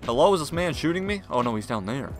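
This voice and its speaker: Excitable young man gaming, lively voice. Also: medium pitch, quick pace. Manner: excitable, slangy, mutters then yells at the game. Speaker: gaming video creator. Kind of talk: live gameplay commentary. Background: game music and gunfire.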